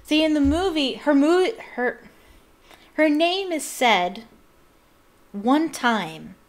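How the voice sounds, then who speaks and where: A woman's voice: sits high, animated, takes it slowly. Chatty, giggly woman reading aloud. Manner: chatty, giggly, rambling asides. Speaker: reader and host. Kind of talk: casual read-aloud with chat.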